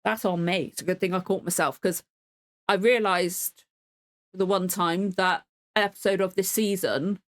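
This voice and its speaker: A woman hosting a reaction video, talking casually to camera in a rambling way, full of asides and swearing, sore and cold as she speaks. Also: on the low side. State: in pain and cold. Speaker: reaction channel host.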